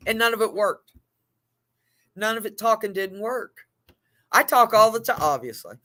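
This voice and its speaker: High-pitched male group leader, animated storyteller, casual and heartfelt. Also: moderate pace. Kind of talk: support group sharing.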